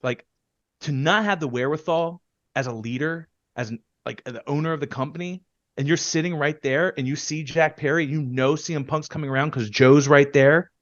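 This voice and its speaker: A man co-hosting a podcast in heated casual chat, ranting and swearing, with quick loud bursts that then drop low. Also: no echo, lo-fi sound. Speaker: podcast co-host.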